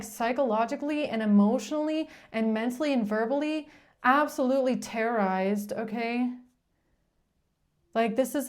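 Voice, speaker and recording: A high-pitched woman talks through a tarot reading in a loose, casual monologue. She is blunt and exasperated, swears without hesitation, and keeps circling back through restarts and fillers. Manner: rambling, with frequent restarts and filler "like". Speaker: tarot reader.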